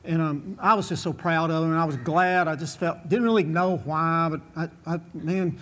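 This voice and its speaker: A man's voice: on the high side, normal speed, a bit bright. A man, a former bull rider telling a long folksy story to an audience, drawling and chuckling as he goes. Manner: drawling, chuckling, repetitive restarts.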